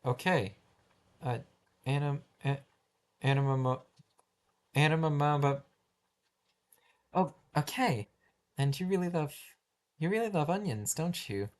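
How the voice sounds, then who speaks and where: A man's voice: on the high side, animated, unhurried, pauses often. A man voicing a flustered first-grade teacher who stumbles, restarts his sentences and keeps apologizing. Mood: patient. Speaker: schoolteacher taking roll call. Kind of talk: amateur animation voice acting.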